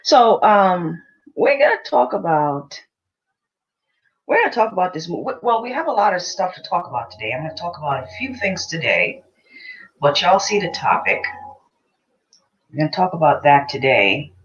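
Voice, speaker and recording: A woman's voice: lowish voice, very animated, moderate pace, long pauses, husky, dull audio. A woman hosting a casual livestream, chatty, repeating her greetings and calling on viewers directly. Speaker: livestream host.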